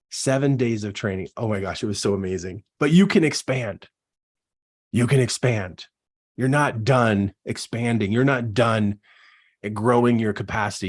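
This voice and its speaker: Man, coach, motivational talk, emphatic, repetitive, animated. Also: on the low side, unhurried. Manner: emphatic and repetitive, preaching pep-talk delivery; animated, acts out quoted voices. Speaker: business coach.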